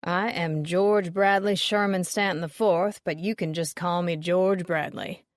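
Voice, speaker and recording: A woman voicing a portly, pompous older man with a loud, brassy Southern drawl. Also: steady tone, measured pace, dry recording, clean studio sound, natural voice. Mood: boastful. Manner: booming, showy and ingratiating.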